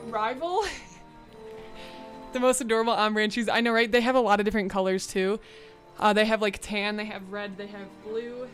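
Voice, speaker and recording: A chatty young woman with a slightly high voice, talking casually to her live stream from a room at home. She is bubbly and fills her talk with "like". Soft music plays faintly behind her. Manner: bubbly and chatty, full of "like" fillers. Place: home room with a bright window.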